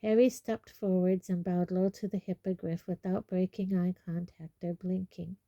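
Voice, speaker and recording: A woman reads a storybook chapter aloud in a measured, expressive way. Her voice is warm and dark, and the recording is dry with no room sound. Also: on the low side, dry recording, muffled recording. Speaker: audiobook reader. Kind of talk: storybook narration.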